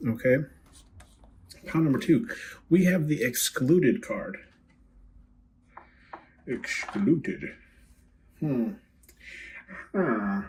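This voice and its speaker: A man giving a casual tarot reading as host, chatty and quick to laugh, often checking in with "right?" and "okay?". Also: mid-range voice, lively intonation, a little mellow, slight background noise. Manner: laughs easily, rambles with fillers. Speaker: tarot card reader.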